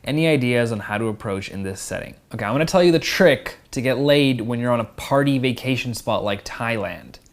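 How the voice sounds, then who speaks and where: A man's voice: mid-range voice, expressive, fairly quick, hardly any pauses. A young man hosting a casual question-and-answer, reading viewer questions aloud and answering them frankly and directly. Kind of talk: casual Q&A advice.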